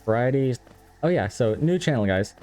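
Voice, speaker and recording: A man's voice: medium pitch, expressive, moderate pace, darkish tone. A young man from Texas, a game streamer, chatting casually and self-deprecatingly with viewers as he plays. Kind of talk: casual live-stream chat while gaming. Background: faint game music.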